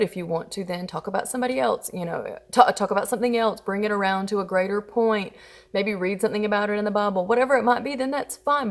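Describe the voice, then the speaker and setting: A woman in her thirties, a mother talking casually about parenting and telling expressive stories about her kids. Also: medium pitch. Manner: chatty and expressive, acting out her children's whiny voices. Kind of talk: casual storytelling advice.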